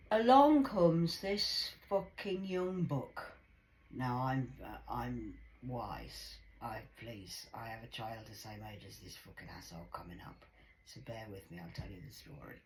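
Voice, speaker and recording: A middle-aged English woman rambling through a personal story, swearing, dropping into hushed whispers and breaking into loud, high-pitched impressions of people. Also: a little hiss or hum.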